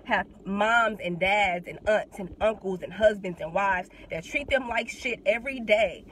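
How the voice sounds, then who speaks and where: A woman's voice: mid-range voice, measured pace, a little hiss or hum, rough recording. A young woman, talking bluntly and with heavy swearing in a casual monologue while getting over a cold. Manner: blunt, profane, animated. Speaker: vlogger. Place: in a car.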